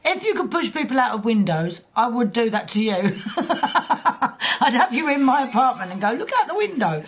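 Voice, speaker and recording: A woman's voice: on the high side, big pitch swings, moderate pace, slightly rough, dull audio. A woman livestreaming a game, chatting casually with viewers in a blunt, teasing way, swearing freely and laughing often. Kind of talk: casual chat while gaming.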